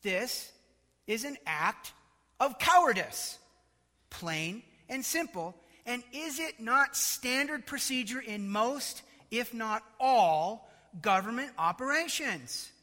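A man preaching a sermon, dramatic and animated, with mocking asides. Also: very high voice, slow pace, in a large hall.

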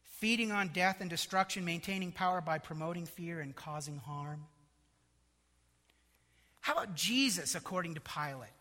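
A man delivers a sermon in a high, bright voice. He builds emphasis and slips into mocking asides. The sound rings with a long hall reverb. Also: normal speed. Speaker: preacher.

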